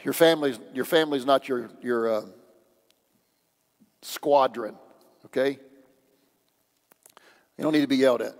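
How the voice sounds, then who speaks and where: Joking pastor in a reverberant church. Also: male voice, medium pitch, measured pace, gravelly, pauses often. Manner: conversational, joking, acts out quoted voices. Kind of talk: sermon. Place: church sanctuary. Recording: long church hall reverb.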